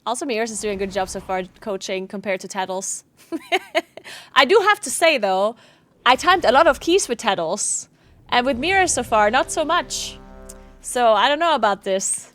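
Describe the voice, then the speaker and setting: A woman's voice: fairly high pitch, expressive, moderate pace, fairly bright tone, faint music behind. Woman streamer, South Tyrolean German accent, chatty and giggly, casual stream talk. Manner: chatty, laughs often, reads out chat thanks. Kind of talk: casual gaming stream chat.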